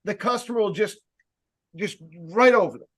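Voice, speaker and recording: A man giving a casual sales training talk, speaking loudly and emphatically, with rambling jokey asides and plenty of fillers. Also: high-pitched, moderate pace. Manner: loud, emphatic, projecting voice.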